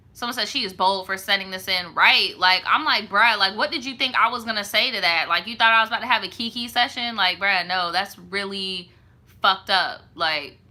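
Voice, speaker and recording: A young woman hosts a live storytime stream and sounds off on viewer stories. Her voice is very bright and cutting, and she swears freely in heated slang as she reacts. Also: mid-range voice. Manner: blunt, profane, heated slang-heavy reactions. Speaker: host reading viewer stories.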